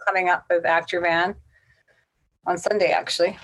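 A woman's voice: lowish voice, level tone, fast, a bit bright. A woman and casting director in a casual interview, talking bluntly and directly. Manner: blunt, straight-shooting.

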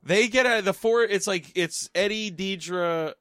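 High-voiced man who swears casually. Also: a little slow, fairly bright tone, clear, resonant tone, no room sound, studio quality. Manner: swears freely, blunt and joking. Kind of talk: casual podcast chat recapping a movie.

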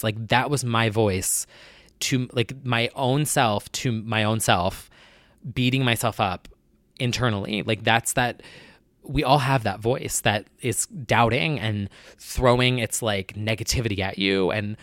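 A man's voice: lowish voice, unhurried, a bit bright, no echo, clean studio sound. A man talking candidly to his viewers in a personal vlog, with a nasal voice and an earnest, rambling way of talking that keeps correcting itself. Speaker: vlogger.

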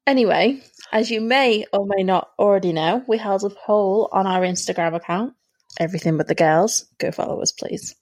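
A woman's voice: mid-range voice, moderate pace. A woman co-hosting a chatty podcast, sarcastic and swearing casually. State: irritated wisdom tooth. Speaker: podcast co-host. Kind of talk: casual chat.

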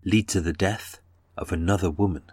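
A man's voice: low voice, steady tone, moderate pace, a little mellow, breathy edge, no echo. A man giving dramatic scripted true-crime narration and dwelling on detail.

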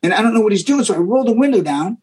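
A man, a guest musician, telling stories in a casual interview, animated and often repeating words as he acts out what people said. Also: sits high, racing, husky, low-quality recording.

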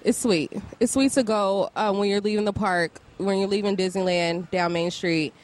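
A woman's voice: mid-range voice, fairly even intonation, normal speed, darkish tone. A woman in her thirties or forties, a podcast guest, talking enthusiastically and laughing often in casual chat.

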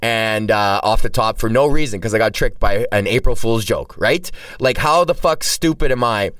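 On his solo podcast, a man who also does stand-up speaks at a normal speed in a lowish, slightly bright voice with a clean, echo-free tone. He rambles casually, swears heavily, and keeps restarting. A cheap, distant mic makes the recording sound dry and far off.

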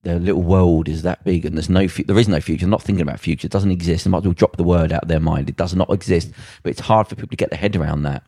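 A man's voice: deep voice, fairly even intonation, racing, hardly any pauses, mellow, husky, no room sound, studio quality. A man telling stories in blunt, sweary casual chat, acting out the voices he quotes.

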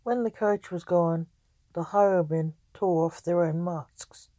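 A woman reading a story aloud in an unhurried way, taking on the characters' lines as she goes. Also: fairly low pitch, warm tone, no room sound, rough recording. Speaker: narrator.

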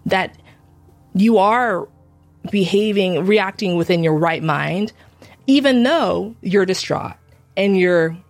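A woman's voice: mid-range voice, slow pace, pauses often, dry recording, faint music behind. A woman talking through a painful personal experience in an intense monologue, often repeating herself and acting out what others said. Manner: intense, repeats herself, acts out quoted speech. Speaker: podcaster on church abuse.

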